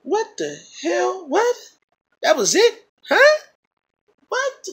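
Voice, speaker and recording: A man's voice: extremely high pitch, huge pitch swings, very slow, fairly bright tone, voice pushed up, full character voice. A man acting out a baffled, angry moviegoer who cannot believe the film is over. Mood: incredulous. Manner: squealing, incredulous, exclamatory. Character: baffled, outraged moviegoer shouting in disbelief.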